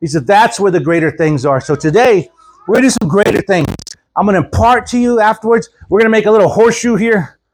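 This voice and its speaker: A man preaching a sermon at a church service, telling stories with animated quoted voices and chuckles. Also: sits high, fast. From Houston, Texas. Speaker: guest preacher.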